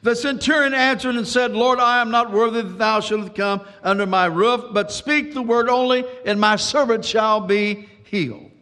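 A man's voice: extremely high pitch, steady tone, normal speed, few pauses, bright, forceful tone, long reverb tail. A man preaching a sermon, dramatic, with repeated words and sudden bursts of speed. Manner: dramatic preaching with repetitions and sudden pace changes. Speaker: pastor.

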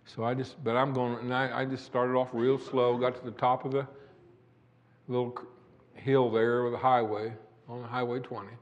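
With a mid-range voice showing little pitch movement, an older man speaks at normal speed on dull audio from an echoey hall. Preaching a sermon, he shares a personal testimony, folksy at first and building to emphatic declamation.

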